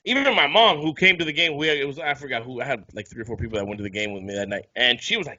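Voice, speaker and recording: A man co-hosting a podcast in casual chat, quick to rib his co-host and tell his own stories. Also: mid-range voice, very animated, no room sound, dull audio. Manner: quick, bright-toned banter and ribbing.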